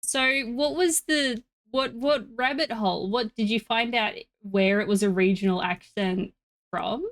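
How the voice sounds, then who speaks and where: A woman's voice: on the high side, measured pace, fairly bright tone. A woman streaming a game, chatting playfully with her viewers and often repeating words as she talks. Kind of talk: casual chat with stream viewers.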